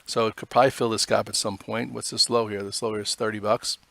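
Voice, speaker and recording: A man's voice: fairly low pitch, flat delivery, quick pace, gravelly, pushed and bright, no room sound. A man hosting a live stock trading show, giving casual, rambling commentary on charts with many fillers.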